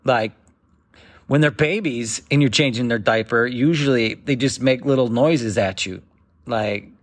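Slow-talking man doing stand-up. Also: medium pitch. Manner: rambling storytelling, acting out other voices. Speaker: stand-up comedian. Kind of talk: stand-up routine.

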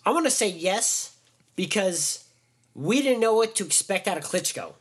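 A man's voice: high-pitched, expressive, moderate pace, slightly rough. A man co-hosting a casual podcast chat, rambling with fillers and restarts. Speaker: podcast co-host.

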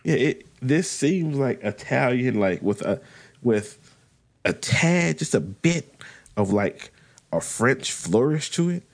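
A man co-hosting a podcast in casual chat, speaking haltingly and thinking aloud with many restarts. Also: mid-range voice, animated. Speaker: podcast co-host.

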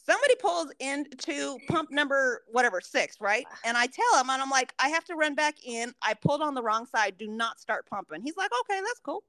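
A young woman co-hosting a podcast, telling a story in a profane, animated way. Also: sits high, dry recording. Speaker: podcast co-host. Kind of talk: casual chat.

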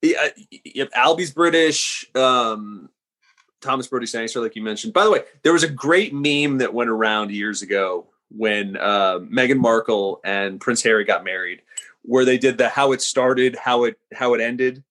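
A man's voice: medium pitch, moderate pace, fairly bright tone. A man, a screenwriter guest on a podcast, reflective and self-deprecating, with hesitant fillers. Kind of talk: casual interview chat.

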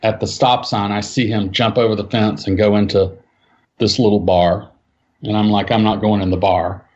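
Man, low voice, casual storytelling, animated quoting, dull lo-fi recording. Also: moderate pace. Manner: animated, acts out quotes with raised pitch. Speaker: eyewitness recounting a story. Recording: dull lo-fi sound.

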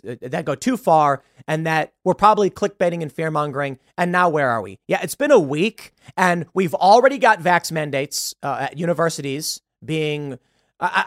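A man hosting solo political commentary, ranting in an animated, exasperated way with sarcastic asides. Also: a little high, no room sound, clean studio sound.

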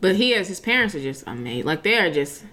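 Lively fast-talking young woman. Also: lowish voice. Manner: animated, trailing restarts. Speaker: podcast co-host. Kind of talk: casual chat.

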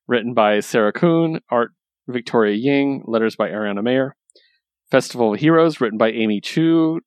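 A man's voice: medium pitch, no echo. A man hosting a casual talk, recapping stories with enthusiasm and plenty of ums and likes. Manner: enthusiastic, lots of fillers. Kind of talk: casual chat.

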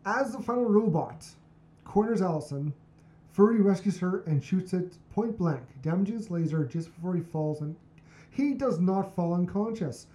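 A woman's voice: on the low side, moderate pace, dark tone. A woman co-hosting a casual podcast, recapping a movie plot with exasperated asides and frequent swearing. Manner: exasperated, swears freely, reads plot summary aloud. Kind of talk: casual chat.

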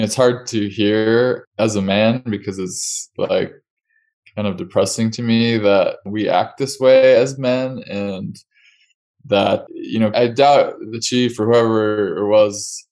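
A man hosting an interview, responding in a reflective, measured way. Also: lowish voice, fairly even intonation, darkish tone. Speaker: interview host. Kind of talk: casual interview.

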